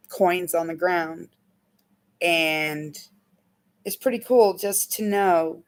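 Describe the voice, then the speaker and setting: A middle-aged woman healing coach teaching in a casual, candid way, telling rambling, emotional stories from her own life. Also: low voice.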